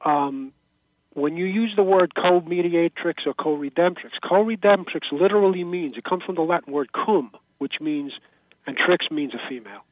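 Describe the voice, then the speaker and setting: A man's voice: a little high, moderate pace, no room sound. A man calling in to a radio debate, earnestly explaining his views and citing references. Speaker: caller. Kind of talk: call-in debate. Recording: tinny dry phone line.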